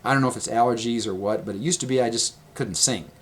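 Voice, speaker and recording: A man with a hoarse, gravelly voice that cracks, telling a rambling, exasperated story in a casual vlog, swearing as he goes. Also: mid-range voice, fast, slight background noise.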